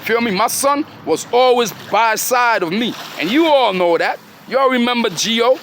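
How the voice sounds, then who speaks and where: A middle-aged man with a high voice for a man gives a rambling, streetwise sermon in heavy slang. He keeps firing short questions at his listeners and scolds them like a preacher. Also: animated, moderate pace, fairly bright tone, slight background noise. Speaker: father addressing his children and followers.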